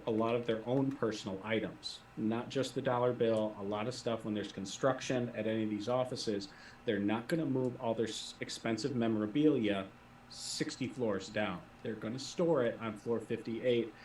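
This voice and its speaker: A man's voice: fairly low pitch, steady tone, normal speed, a little mellow, a little hiss or hum. A man acting as game master, describing the scene and calling for dice rolls in a tabletop role-playing game. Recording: echoey room, voice from a distant mic.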